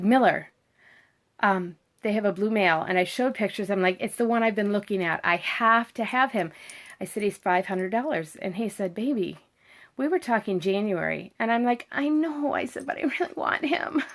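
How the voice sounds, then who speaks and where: Middle-aged lady rambling through a story on a livestream, chatty, keeps talking to her dog. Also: medium pitch. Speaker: vlogger.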